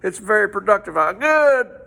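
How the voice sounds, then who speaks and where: A man's voice: high-pitched, big pitch swings, normal speed, creaky, bright, forceful tone, exaggerated voice. A man doing a smug bragging devil. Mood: boastful. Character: boastful male devil showing off his rat.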